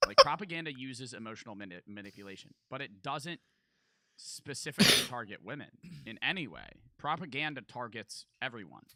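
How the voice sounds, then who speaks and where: A male streamer talks back at a video in casual, profane, argumentative bursts, with a very bright, sharp edge to his voice. His mic sounds close and dry, with no room around it. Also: mid-range voice, sing-song, fairly quick, dry recording. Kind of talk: casual live reaction commentary.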